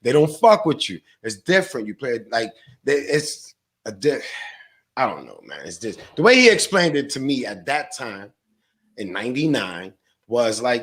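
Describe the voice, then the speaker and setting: A man's voice: mid-range voice, big pitch swings, normal speed, a bit bright. A man guest on a podcast, a stock trader, talking in a slangy, profane, rambling way. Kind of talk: casual podcast chat.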